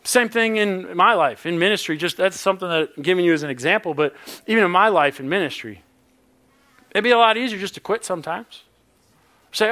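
A man in his thirties, a pastor, preaching a sermon with animated personal stories and laughing asides. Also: high-pitched, fairly quick.

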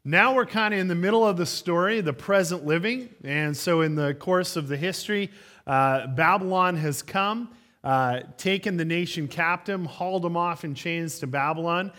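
Pastor preaching in a slightly high voice. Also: male voice, moderate pace, fairly bright tone. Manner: conversational storytelling with frequent fillers. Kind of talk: sermon. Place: church.

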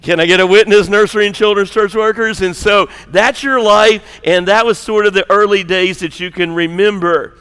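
A man's voice: high voice, steady tone, normal speed, few pauses, a bit bright, clear, resonant tone. A man who is a lead pastor, preaching a sermon, joking and conversational with rising emphasis. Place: church auditorium. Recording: long hall reverb.

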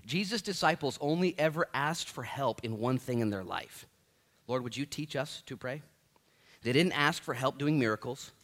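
A man's voice: medium pitch, expressive, normal speed, a bit bright. A man in his thirties preaching a sermon as pastor, joking and self-deprecating, with many restarts.

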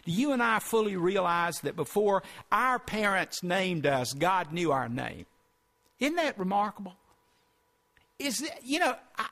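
Man preaching a sermon, high voice, earnest, emphatic, rhetorical questions. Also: a bit bright. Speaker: pastor.

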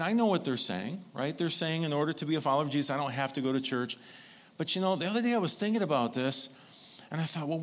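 A male pastor delivering a sermon, drawing the congregation in with repeated call-and-response prompts. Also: mid-range voice.

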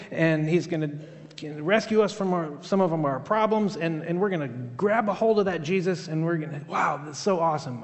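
Earnest preacher man in a hall. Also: a little high. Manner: earnest, conversational, repeats words while thinking. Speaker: pastor. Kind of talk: sermon.

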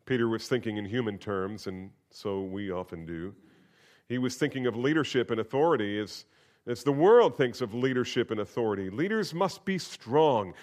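A man's voice: a little fast, a little mellow. Emphatic male preacher. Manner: emphatic, with sudden rises in pitch and volume. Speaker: pastor. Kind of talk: sermon.

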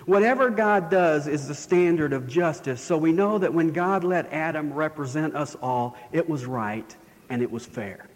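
A male pastor preaching with a storyteller's flair. His voice sits fairly high for a man, and it rings through a church sanctuary with a long reverb tail. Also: moderate pace. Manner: storytelling, rising and falling for emphasis. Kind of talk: sermon.

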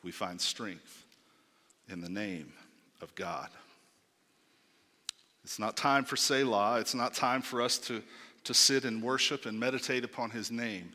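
Male pastor, forceful bright voice, emphatic sermon delivery, long church reverb. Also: medium pitch, a little slow, pauses often. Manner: emphatic, swings from soft to loud exclamations.

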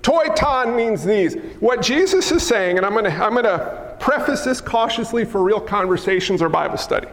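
A male pastor preaching a lively, teasing sermon, acting out scenes in a church sanctuary. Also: sits high, normal speed, few pauses. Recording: echoey hall with long reverb.

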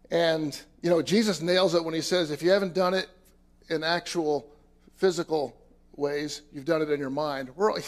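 A man preaching as a pastor, earnest and conversational, moving between loud emphatic lines and quiet, soft asides. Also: fairly high pitch. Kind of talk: sermon.

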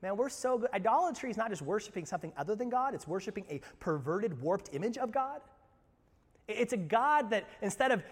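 A man with a fairly high voice preaching a sermon in a church, with long reverb trailing his words. He is animated, jumping between loud outbursts and hushed, low asides. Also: a little fast, slightly rough. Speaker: pastor. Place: church sanctuary.

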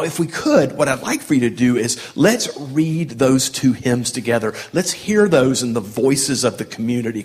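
A man leading a Bible study group, teaching casually with many fillers and acting out sarcastic voices as he reads. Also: medium pitch. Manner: animated, acts out sarcastic voices when reading.

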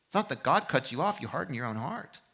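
A man preaching a sermon as pastor. He swings from loud, urgent exhortation to quiet, reflective storytelling. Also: a little high, big pitch swings, fast, gravelly, breathy edge. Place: church service.

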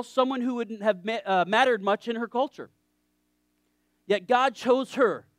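A man's voice: very high voice, a bit bright, no echo, studio quality. A man preaching a sermon in a conversational, joking way, often checking in with his listeners.

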